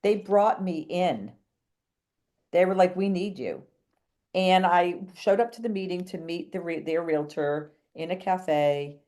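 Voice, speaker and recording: A woman's voice: on the low side, unhurried, darkish tone. A woman, a real estate agent telling a long story as a podcast guest, chatty and jumping between thoughts while acting out quoted dialogue. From New England. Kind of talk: animated storytelling in a podcast interview.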